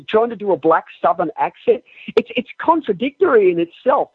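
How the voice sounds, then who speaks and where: A man's voice: high voice, big pitch swings, a little fast, slightly rough, no room sound. A man calling in to a show, talking crudely and jokingly in a rambling way. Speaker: caller. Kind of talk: casual chat. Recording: tinny phone line.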